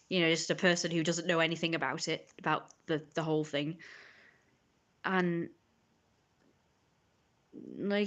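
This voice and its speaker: A woman's voice: on the low side, normal speed, fairly bright tone. A woman streamer in a casual, rambling rant, sarcastic and indignant, often breaking off to cough or laugh. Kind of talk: casual ranting monologue.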